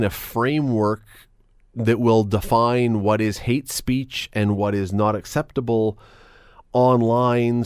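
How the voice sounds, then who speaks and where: A man's voice: fairly low pitch, clean tone, dry recording, clean studio sound. Chatty radio host man. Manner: chatty, animated, quick asides. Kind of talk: talk radio discussion. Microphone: studio microphone.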